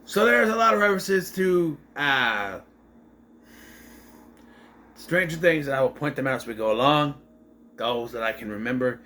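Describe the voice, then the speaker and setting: A man's voice: mid-range voice, animated, normal speed, long pauses, pushed and bright. A young man reviewing a TV episode in a casual, meandering way, often correcting himself as he talks. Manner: meandering, self-correcting, chatty. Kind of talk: casual rambling recap.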